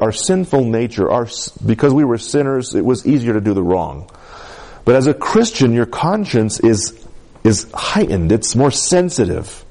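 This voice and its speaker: A man's voice: medium pitch, warm tone. A male preacher giving a conversational sermon who often asks the congregation for responses.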